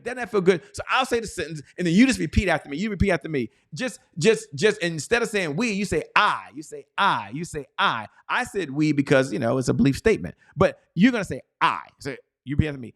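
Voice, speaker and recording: Fired-up man hosting a motivational sales show. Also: a little high. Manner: energetic, excited, repeats phrases for emphasis; chants belief statement slowly for the audience to repeat. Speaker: host.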